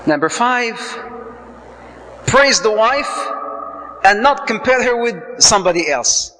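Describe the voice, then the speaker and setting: A man giving a lively marriage lecture to an audience, acting out little dialogues and mixing in Arabic phrases. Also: high-pitched, slow, big-room sound, a little hiss or hum, rough recording. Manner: animated, acts out dialogue, mixes Arabic phrases, joking. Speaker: Islamic speaker.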